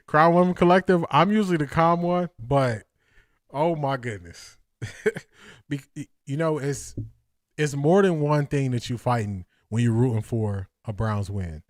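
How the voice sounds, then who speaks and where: A man hosting a live watch-party stream, excitable and out of breath, laughing often and calling his viewers y'all. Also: fairly high pitch, dry recording, studio quality.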